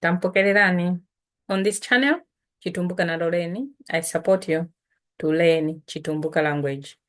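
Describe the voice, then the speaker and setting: A low-pitched woman talks through a casual language lesson. She is middle-aged, relaxed and chatty, and she goes slowly at times, as if just after lunch. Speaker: language teacher.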